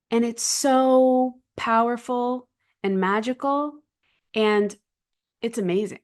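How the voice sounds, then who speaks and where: A woman's voice: fairly high pitch, steady tone, slow pace. A woman in her thirties talking earnestly to camera as a relationship coach, emphatic and often checking in with "right?". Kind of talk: casual monologue to camera.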